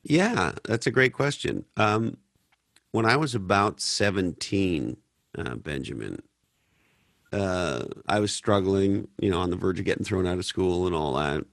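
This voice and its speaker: Deep gravelly Canadian-born man host. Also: dry recording, clean studio sound. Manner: blunt, profane, storytelling. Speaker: podcast host. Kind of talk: casual Q&A talk.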